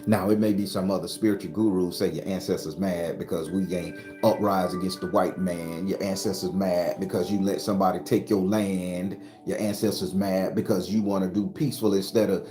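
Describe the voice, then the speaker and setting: A man's voice: sits low, steady tone, brisk, mellow. A man giving an emphatic, profane spiritual talk with a preacher-like cadence, speaking as the channel's host. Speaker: spiritual advisor. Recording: roomy echo with faint music.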